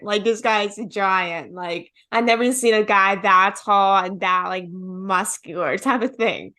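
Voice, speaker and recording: A woman's voice: mid-range voice, steady tone, a little slow, few pauses, bright, forceful tone. A young woman hosting a podcast interview, chatty and leaning heavily on filler words as she talks. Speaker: podcast host. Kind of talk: casual interview chat.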